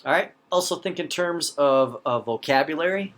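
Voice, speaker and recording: A man's voice: fairly high pitch, expressive, moderate pace, a bit bright. A middle-aged man from the North Central United States with an Upper Midwest accent and long O's, lecturing in a conversational way, often checking in with "right?" and restarting his sentences. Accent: Upper Midwest American. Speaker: teacher. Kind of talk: recorded lecture.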